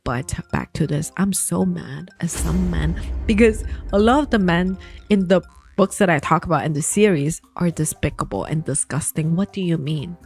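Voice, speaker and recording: A woman's voice: on the low side, animated, normal speed, vocal fry, darkish tone, faint music behind. A woman hosting a casual storytime, retelling a novel in a chatty, emphatic way and talking straight to her viewers. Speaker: book storytime host.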